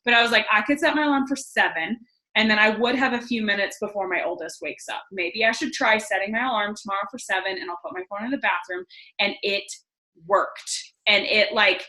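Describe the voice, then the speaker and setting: Speaking as a guest on a team call, a young woman delivers a casual, enthusiastic pep talk in a medium-pitched voice that's bright and forceful, moving a little fast. She chats freely, sprinkling in many "like" fillers, and the recording has an echoey room sound.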